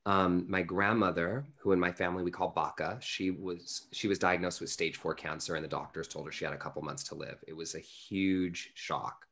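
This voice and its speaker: A man's voice: sits low, fairly even intonation, normal speed, few pauses, a bit bright, a little hiss or hum. A man in his thirties, an interview guest telling a personal story earnestly, with lots of fillers. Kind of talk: storytelling in conversation.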